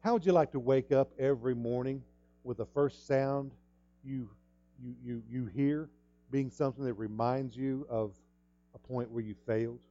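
A man preaching a sermon in an emphatic way, repeating words and jumping up loud at key points. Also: medium pitch, fairly even intonation, moderate pace, lo-fi sound. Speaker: pastor.

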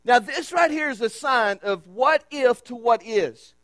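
A man preaching a sermon as pastor, emphatic and repetitive, with dramatic pauses. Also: extremely high pitch, expressive, a bit bright, no room sound. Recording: dry with mains hum.

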